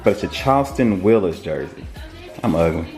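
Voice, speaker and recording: A man's voice: deep voice, expressive, a little fast, darkish tone, faint music behind. A young man casually talking through his resale haul in a laid-back, rambling, slangy way. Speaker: online reseller showing his haul.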